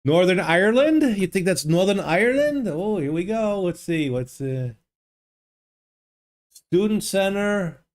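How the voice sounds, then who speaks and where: A man's voice: high voice, lively intonation, a little slow. A man live-streaming a geography guessing game, thinking aloud and chatting casually with his viewers. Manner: thinks aloud, muses and answers viewers' chat. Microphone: desk microphone.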